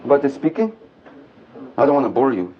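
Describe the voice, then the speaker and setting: A man's voice: medium pitch, fairly quick, muffled recording, slight background noise. Earthy male storyteller, old archive tape. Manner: animated and earthy, mixing jokes and blunt language. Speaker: speaker at a men's gathering. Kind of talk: storytelling lecture to a live audience.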